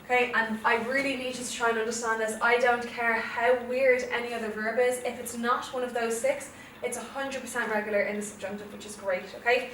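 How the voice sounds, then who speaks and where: With a level, slightly bright voice on the high side, a young Irish woman runs a Spanish revision lesson a little fast and with few pauses, explaining step by step and checking "okay?" often. The echoey classroom is heard from far off, with faint noise.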